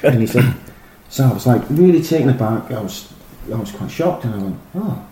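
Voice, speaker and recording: A middle-aged man, a former footballer, telling animated, rambling stories full of fillers and restarts. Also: mid-range voice, fairly quick. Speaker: former professional footballer, guest. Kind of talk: casual anecdotal storytelling. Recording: roomy echo with faint noise.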